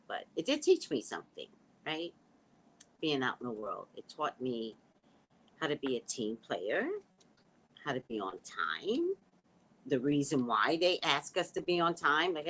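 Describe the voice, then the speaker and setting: A woman in her sixties chatting casually with her audience, snarky and animated, telling stories full of quoted dialogue, with a slight lisp from a missing tooth. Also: a bass voice, moderate pace, slight background noise, rough recording. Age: 60s. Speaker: livestream host reading viewer comments. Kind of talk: casual chat.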